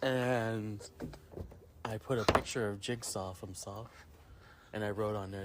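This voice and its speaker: Animated storytelling man, faint hiss. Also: unhurried. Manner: animated, jumps into high squeaky voices when quoting people. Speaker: podcast co-host. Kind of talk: casual storytelling chat.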